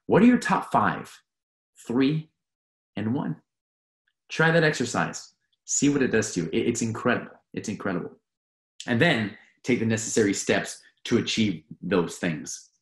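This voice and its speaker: Guy coaching athletes on mindset, pitch jumps all over, echoey room. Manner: earnest, emphatic, repeats key phrases. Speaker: mental performance coach. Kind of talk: motivational talk. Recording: roomy echo.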